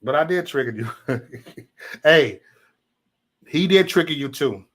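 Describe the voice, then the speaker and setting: Profane livestream host, lively pitch. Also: male voice, unhurried. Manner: profane, heated, repeats himself. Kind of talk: casual livestream rant to chat.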